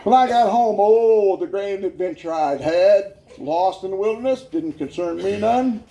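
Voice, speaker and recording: A man tells a humorous story from his own life as a church testimony. He sounds animated, laughs along with his own tale, and his fairly high voice swings widely in pitch. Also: measured pace, a little hiss or hum. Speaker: guest speaker giving his testimony.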